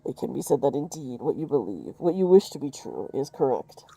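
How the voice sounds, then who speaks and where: A woman voicing a grave, soft-spoken man from a game, with a muffled voice and slow, archaic phrasing. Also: rumbling low, very animated, gravelly, breathy edge, voice pushed down, exaggerated voice. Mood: solemn. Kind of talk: reading game dialogue aloud.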